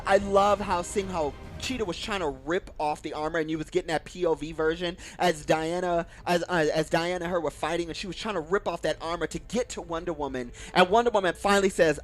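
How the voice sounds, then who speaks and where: Guy with a pretty high voice gushing about a movie he loves, swears a lot, little bit of music behind. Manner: gushing, enthusiastic, swears freely, acts out movie lines. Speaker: YouTube movie reviewer. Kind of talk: excited casual movie review.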